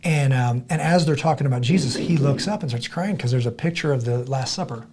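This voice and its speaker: A middle-aged man appears as a guest on a podcast, animatedly telling a story full of restarts and repeated words while acting out other people's voices. His voice is mid-range and brisk, with a noisy background.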